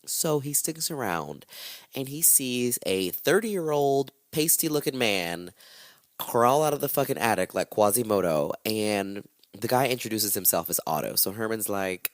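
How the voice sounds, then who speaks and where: Low-voiced, irreverent male podcast host. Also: expressive, moderate pace, dry recording. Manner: irreverent, swears freely, acts out quotes. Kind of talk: casual comedic true-crime storytelling.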